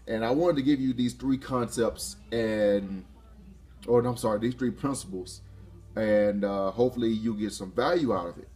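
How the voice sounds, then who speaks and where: A man giving a casual motivational talk to camera, excitable, laughing often and restarting his phrases. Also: on the low side, normal speed. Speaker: motivational vlogger.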